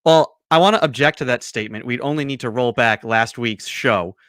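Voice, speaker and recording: A man's voice: mid-range voice, a little fast, fairly bright tone, dry recording, studio quality. A man hosting a casual radio show, teasing his guest in a playful way.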